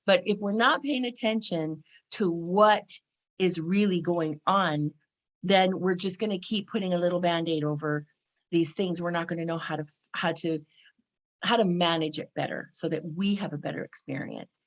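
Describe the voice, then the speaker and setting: Chatty lower-voiced woman in her forties. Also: moderate pace. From California. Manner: chatty, frequent "right?" and "you know", acts out exclamations. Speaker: spiritual vlogger. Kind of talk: casual spiritual talk to camera.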